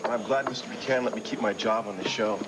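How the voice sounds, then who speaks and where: A man's voice: lowish voice, fast talker, noisy background, natural voice. An actor playing a playful young man who works as a porter and teases his friends, in 1980s soap opera style. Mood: teasing. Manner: teasing, playful. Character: joking young radio station porter.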